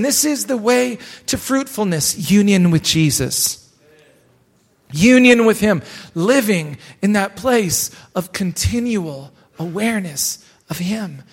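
A man preaching a live sermon as pastor in a church, exhorting and repeating phrases for emphasis. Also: sits high. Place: church sanctuary. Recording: long church hall reverb.

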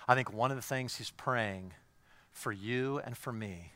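A man's voice: medium pitch, a little slow, sharp tone, no room sound. A male pastor preaching a sermon in an emphatic, repetitive style that builds in intensity.

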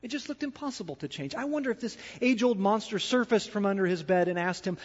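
A male pastor preaching a sermon, swinging between loud emphatic declarations and hushed asides to the congregation in a church sanctuary. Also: high-pitched, fast, hardly any pauses, husky. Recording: dull sound with long hall reverb.

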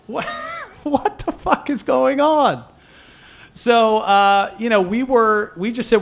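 A man co-founding a food nonprofit, talking in an animated, swearing, storytelling way in a casual podcast interview. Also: sits high, normal speed.

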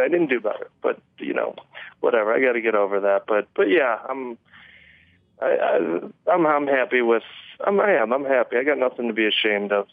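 A man on a phone call, his voice gravelly and low in fry. He talks in halting bursts, restarting sentences and chuckling between thoughts. The line is tinny and narrow, and the sound is dry. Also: no room sound. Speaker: MMA fighter guest. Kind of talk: phone interview.

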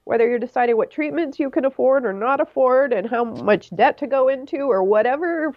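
Woman podcast co-host, higher voice, casual and animated, dry slightly dull recording. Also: a little fast, no room sound. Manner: animated storytelling, acting out quoted voices. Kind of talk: casual chat.

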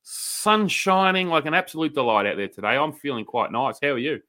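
A brash Australian man co-hosting a podcast, cracking jokes and boasting in a loose, slangy way. His voice has a bright, forward ring to it. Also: fairly high pitch, very animated, brisk. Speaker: podcast co-host. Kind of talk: casual podcast banter.

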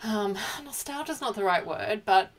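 Woman, casual podcast chat, emotional, mid pitch. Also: expressive, moderate pace. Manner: chatty, emotional, restarts often. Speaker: podcast co-host. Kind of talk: casual pop culture chat.

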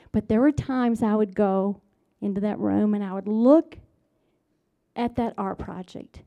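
A middle-aged woman giving a devotional talk, telling a personal story that drops to hushed tones and builds to emphatic points. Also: mid-range voice, creaky, highs cut off. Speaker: speaker.

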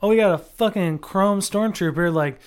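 A man's voice: sits high, normal speed, smooth. A man co-hosting a podcast, rambling casually with lots of fillers, restarts and swearing. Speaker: podcast co-host. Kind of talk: casual chat.

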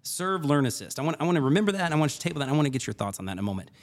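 A male podcast host who talks quickly and tells his story in a relaxed, conversational way. His pitch swings widely as he gets animated, and he repeats key phrases to drive a point home.

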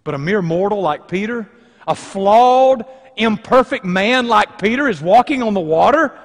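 Male pastor, high-pitched, dynamic pulpit delivery in a reverberant church hall. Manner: dynamic preaching, swinging between loud emphasis and hushed lines. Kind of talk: sermon. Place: church sanctuary.

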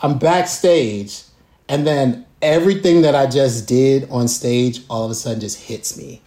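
A man telling a profane, animated story as a guest on a video call, acting out voices and drum sounds. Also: medium pitch, unhurried, reverberant.

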